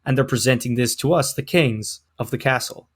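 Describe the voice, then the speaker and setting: A man's voice: medium pitch, normal speed, breathy edge. A man co-hosting a podcast, bantering playfully and reading a text aloud with mock drama. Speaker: podcast co-host.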